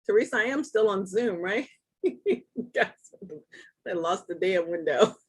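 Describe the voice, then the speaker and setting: A chatty woman runs a live online tutorial at an easy middle pitch. She talks her way through every step and jokes about her own slips as she goes. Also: normal speed, husky. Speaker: host.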